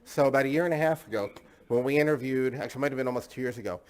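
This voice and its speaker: A man's voice: mid-range voice, very fast, darkish tone. A man hosting a casual tasting discussion, enthusiastic and chatty, often repeating himself. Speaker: host.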